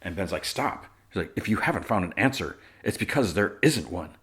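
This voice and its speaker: A deep, slightly bright voice with lively intonation moves a little fast as this podcast host recaps a TV episode. He's casual about it, quoting the characters himself while retelling scenes, full of fillers and laughter.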